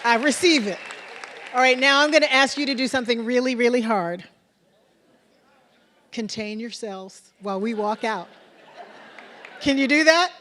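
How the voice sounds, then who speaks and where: A fairly high-voiced woman speaks as a college president closing a graduation ceremony, warmly effusive and close to tears as she addresses the crowd. Her voice carries through a large hall with a long reverb tail. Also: fairly even intonation, moderate pace, pauses often.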